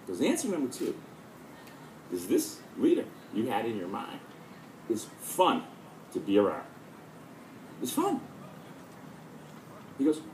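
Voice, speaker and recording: A man's voice: mid-range voice, measured pace, long pauses, reverberant, slight background noise, low-quality recording. A middle-aged man giving a speech to an audience, telling a story and acting out the quotes. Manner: storytelling with lively acted-out quotes. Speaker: speaker.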